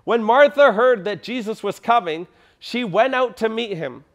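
A man's voice: high voice, lively intonation, moderate pace. A man preaching a sermon to his congregation, retelling a story with acted-out quotes and repeating key lines for emphasis. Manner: addresses the congregation directly. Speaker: pastor.

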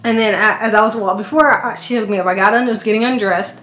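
A woman in her thirties, a family vlogger, telling a personal story casually to camera and acting out what people said. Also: quick pace. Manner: animated, acts out quotes with big pitch jumps. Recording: echoey room with faint music.

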